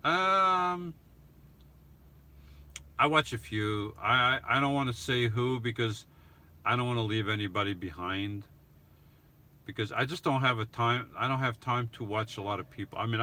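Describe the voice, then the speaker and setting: A man chats on a relaxed live stream, reading viewers' comments aloud and answering them. He talks slowly and haltingly, circling back with restarts, and his voice has a bright, forward edge. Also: medium pitch. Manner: slow, halting, with many restarts and chuckles. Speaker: vlogger answering live chat questions. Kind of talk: casual live-stream chat.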